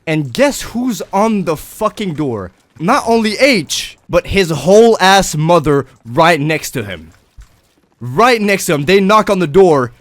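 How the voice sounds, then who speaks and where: A young adult man telling a personal story in a casual vlog, animated and swearing. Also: fairly high pitch, no room sound. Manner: animated, swearing, breaks into laughter. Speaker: vlogger.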